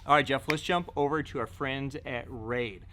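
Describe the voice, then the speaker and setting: A man's voice: mid-range voice, normal speed, noisy background. A man presenting fishing gear in a casual product showcase, chatty and joking, often filling gaps with "so" and "right?". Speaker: fishing tackle shop presenter.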